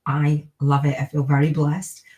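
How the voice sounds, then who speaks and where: A woman's voice: low voice, monotone, moderate pace, warm tone, poor audio. A middle-aged woman hosting a live-streamed podcast, chatting in an upbeat, rambling way and repeating gratitude affirmations. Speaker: podcast host.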